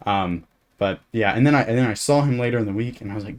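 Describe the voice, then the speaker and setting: A man's voice: lowish voice, fast. A teenage guy telling a camp story as narration over gameplay, rambling with lots of fillers and restarts. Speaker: gaming YouTuber.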